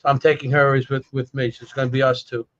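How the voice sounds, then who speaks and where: Halting man on muffled audio. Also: mid-range voice, level tone, fairly bright tone. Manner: halting, rambling, with many restarts. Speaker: co-host. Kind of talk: casual chat.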